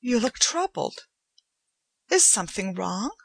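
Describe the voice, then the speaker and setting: A woman voicing a lively, affectionate young woman who speaks eagerly and with delight. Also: a little high, slow pace, creaky, dry recording, voice pushed up, heavily acted. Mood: curious.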